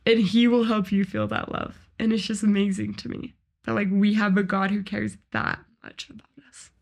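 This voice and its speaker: A woman's voice: medium pitch, lively intonation, moderate pace, gravelly. A young woman co-hosting a podcast, sharing faith in an earnest, heartfelt casual chat full of "like" fillers. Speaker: podcast co-host.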